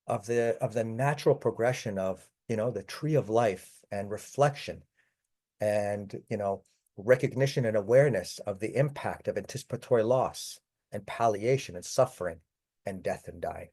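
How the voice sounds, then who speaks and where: Male presenter with a mellow, low voice, chatty lecturing style. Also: moderate pace. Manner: conversational, addresses audience as folks. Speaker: palliative care presenter. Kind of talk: online webinar talk.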